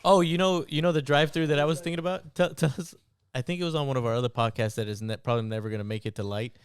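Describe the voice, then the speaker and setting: Young man, podcast co-host, teasing, smooth voice, dry close sound. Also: medium pitch, fairly even intonation, racing, no room sound. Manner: teasing, ribbing his co-host. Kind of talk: casual chat.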